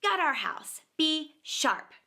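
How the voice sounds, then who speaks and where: A woman voicing an eager, bossy boy leader in a storybook reading, giving brisk commanding orders. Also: sits high, big pitch swings, bright, forceful tone, pitched above the performer's own voice, full character voice.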